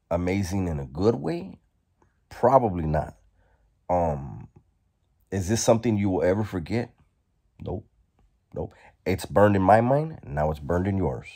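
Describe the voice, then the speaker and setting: A man vlogging, telling a story casually in a profane, slangy, animated way. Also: deep voice.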